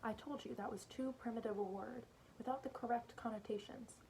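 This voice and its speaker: A woman's voice: a little high, fairly even intonation, dark tone, a little hiss or hum, close to an everyday voice, low-quality recording. Woman reading as a cold alien overlord. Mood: condescending. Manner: smooth, condescending, measured. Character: cold alien leader with red eyes, male.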